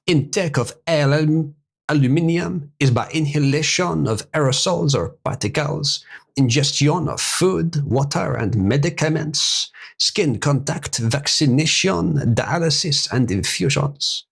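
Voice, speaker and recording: A man putting on a slow, drawn-out impression voice, with every word weighed and stretched. The delivery is measured and deliberate, with pitch that rises and falls freely. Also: animated, vocal fry, husky, full character voice. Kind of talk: read-aloud in a put-on voice.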